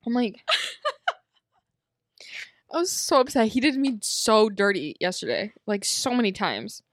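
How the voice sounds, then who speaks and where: A young woman co-hosts a podcast in clean studio sound with no room noise, her voice on the high side with big pitch swings at a normal pace. She's bubbly and casual, telling stories dramatically and saying "like" a lot.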